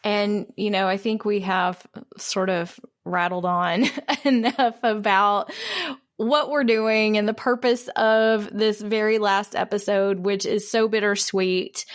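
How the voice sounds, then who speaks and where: A woman's voice: mid-range voice, fairly even intonation, takes it slowly, no echo, studio quality. Folksy female podcast co-host. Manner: warm, folksy, says "y'all". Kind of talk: casual podcast chat.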